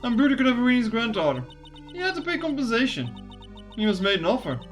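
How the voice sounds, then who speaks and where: A woman voicing a quiet, troubled young woman who speaks softly and haltingly. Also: a little high, very animated, faint music behind, voice pushed up.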